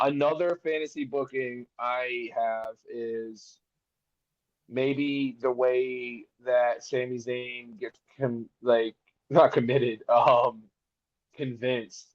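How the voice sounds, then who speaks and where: A man joining a wrestling podcast as a remote guest, relaxed and laughing easily as he chats. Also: medium pitch, no echo, lo-fi sound. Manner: relaxed, laughs easily, fantasy-booking enthusiastically. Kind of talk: casual wrestling podcast chat.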